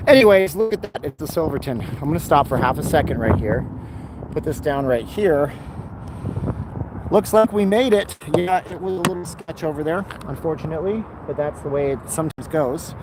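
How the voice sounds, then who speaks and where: Male vlogger, rambling and sarcastic, walking along roads with phone mic; clear traffic noise behind. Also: fairly high pitch, expressive, normal speed. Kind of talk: casual live-stream walking vlog. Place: outdoors along busy roads. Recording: outdoor street with traffic noise.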